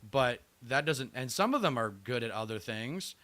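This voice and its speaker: A man's voice: mid-range voice, expressive, normal speed, bright, forceful tone, dry recording. An American man co-hosting a podcast, blunt and profane, thinking aloud at length. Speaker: podcast co-host. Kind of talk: casual political chat.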